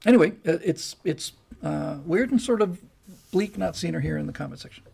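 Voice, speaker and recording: Gravelly rambling host. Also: male voice, on the high side, expressive, brisk, a little mellow. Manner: rambling, folksy, restarts and asides. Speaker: live stream host. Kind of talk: casual live-stream chat reading comments.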